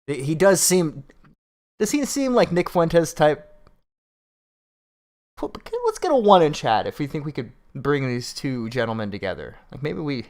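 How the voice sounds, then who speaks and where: A man's voice: a little high, animated, measured pace, pauses often, a little mellow. A man co-hosting a casual late-night stream, wry and teasing, laughing along with his partner. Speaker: co-host.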